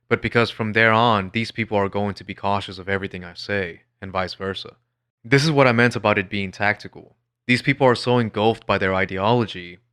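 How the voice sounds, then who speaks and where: A man tells his own story in a scripted, measured narration, wry and blunt with a sardonic edge. His voice sits a little low but has a bright, forward tone.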